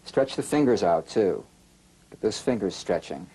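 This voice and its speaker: A man coaching a student through a relaxation and breathing exercise, giving calm, slow instructions with gentle prompts. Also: lowish voice, breathy edge.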